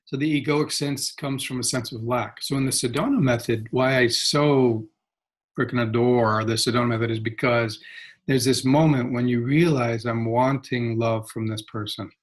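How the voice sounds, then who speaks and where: Husky-voiced man explaining spiritual ideas. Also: mid-range voice, normal speed. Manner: animated, laughs often, acts out voices. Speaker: guest, spiritual teacher. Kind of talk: reflective conversational explanation.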